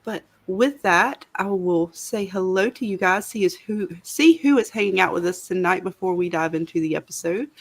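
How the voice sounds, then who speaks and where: A woman's voice: mid-range voice, moderate pace, hardly any pauses. A woman with a Southern US accent co-hosting a casual livestream, chatty and greeting viewers by name. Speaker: livestream co-host.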